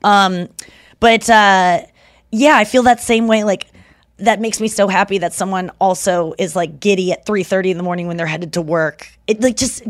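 A woman's voice: on the low side, no echo, studio quality. A woman co-hosting a podcast in casual chat, talking in a chatty, rambling way with lots of filler words. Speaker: podcast co-host.

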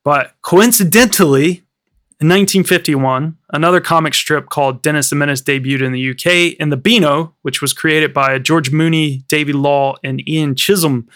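In a laid-back film podcast, a US co-host wanders through movie history, filling his talk with fillers. He speaks at a moderate pace in a slightly high, somewhat bright voice.

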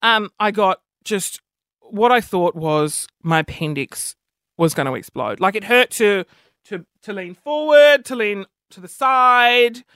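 A man's voice: high voice, animated, a little slow, bright, forceful tone, clean tone, no echo, studio quality. A man hosting a podcast, telling self-mocking stories in a chatty, casual way and swearing freely. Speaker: podcast host. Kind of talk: casual comic storytelling.

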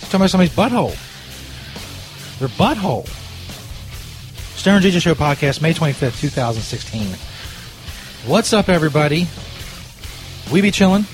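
A man's voice: fairly high pitch, animated, fairly quick, pauses often, faint music behind. A man hosting a podcast in a stoner Jesus persona, ranting and joking with lots of profanity. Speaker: podcast host. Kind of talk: casual rant podcast.

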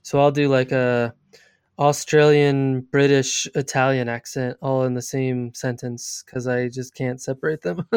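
A man hosting a podcast interview, easygoing and quick to laugh. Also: medium pitch, a little mellow, smooth, no echo, clean studio sound. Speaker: podcast host. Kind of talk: casual interview chat.

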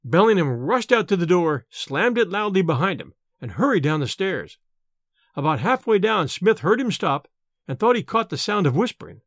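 Expressive man narrating a horror story. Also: high voice, no room sound, clean studio sound. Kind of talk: scripted audiobook narration.

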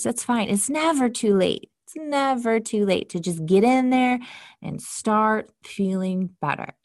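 A woman's voice: lowish voice, dry recording, studio quality. A woman giving a candid motivational talk about self-talk, swearing casually and calling her listeners "guys". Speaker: self-help podcast host. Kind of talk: motivational monologue.

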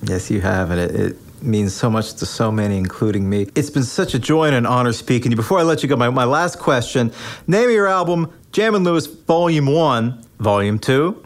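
A man's voice: mid-range voice, expressive, brisk. A man hosting a podcast interview, asking questions politely and thanking his guests graciously. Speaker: podcast host.

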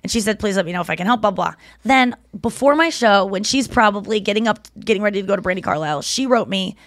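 A woman's voice: mid-range voice, fast talker, few pauses, no echo. Woman podcast host, chatty storyteller, dry close sound, voices her quotes. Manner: animated storyteller, acts out quotes; swears freely. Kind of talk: casual chat.

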